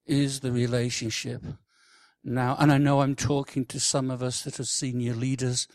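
A man in his sixties preaching a sermon, swinging from loud, emphatic declarations to hushed, almost whispered lines. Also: mid-range voice, flat delivery, moderate pace, no echo. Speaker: worship leader. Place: church conference hall.

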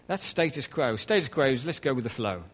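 A man preaching a conversational sermon, with soft laughs and quiet asides. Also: mid-range voice, lively intonation, brisk, poor audio.

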